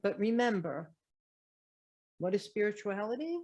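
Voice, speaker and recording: A woman's voice: mid-range voice, animated, unhurried, darkish tone. A middle-aged woman, a spiritual teacher and medium, giving an earnest talk to camera full of repeated rhetorical questions.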